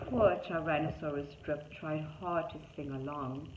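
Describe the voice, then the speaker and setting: A woman's voice: low voice, moderate pace, few pauses, a little mellow, slight background noise. A woman reading a rhyming picture book aloud to young children, in a sing-song rhythm with chatty asides about the pictures. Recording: dull echoey room.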